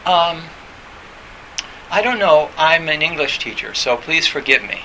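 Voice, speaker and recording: Gravelly bright man giving a dharma talk. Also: a little high, animated, unhurried, poor audio. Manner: conversational, many fillers and restarts, acts out quoted voices. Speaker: meditation teacher. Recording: faint hiss.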